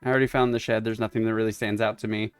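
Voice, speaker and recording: A man's voice: on the low side, level tone, racing, clean tone, no room sound. Man reading game dialogue aloud, dry mic. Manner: reads game text aloud, chuckles often. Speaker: let's-play streamer. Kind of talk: casual gameplay commentary, reading dialogue aloud. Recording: dry close mic, faint game music.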